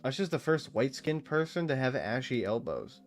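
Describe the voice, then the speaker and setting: Animated, rambling man in his late twenties. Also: mid-range voice, fairly quick, faint music behind. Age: late 20s. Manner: rambling, profane, animated storytelling. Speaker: streamer. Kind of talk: casual gaming chat.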